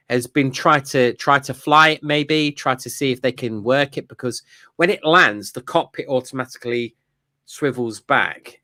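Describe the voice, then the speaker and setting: A podcast co-host gushes through a casual fan review, wandering off track with many fillers and laughs. His medium-pitched voice sounds pushed and bright, in clean studio audio without echo.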